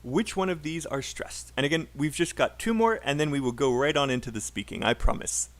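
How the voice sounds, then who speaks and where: A man's voice: fairly high pitch, brisk, fairly bright tone. A man with a British accent teaching a live online English class, chatty and encouraging, drilling phrases aloud for students to repeat.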